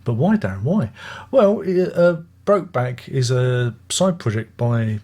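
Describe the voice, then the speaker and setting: An older British man, a music reviewer, talks through an album in a loose, rambling style, often restarting sentences and tossing in chatty asides. His mid-range voice swings widely in pitch, a little slow and slightly mellow.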